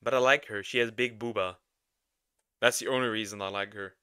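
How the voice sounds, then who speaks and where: A man giving crude, excitable reaction commentary as a streamer. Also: lowish voice, brisk, clean tone, dry recording, clean studio sound.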